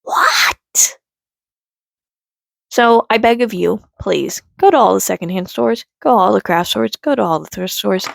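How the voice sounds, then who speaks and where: A woman ranting on her vlog from home, rambling and swearing, swinging from low mutters to loud, exasperated outbursts. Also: brisk, vocal fry, hardly any pauses, no echo. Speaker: vlogger.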